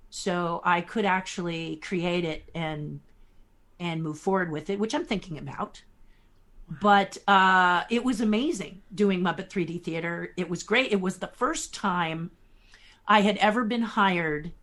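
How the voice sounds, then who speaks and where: A woman in her sixties, a guest puppeteer telling lively stories in a podcast interview, chuckling as she talks. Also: mid-range voice. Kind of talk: anecdotal storytelling in a podcast interview.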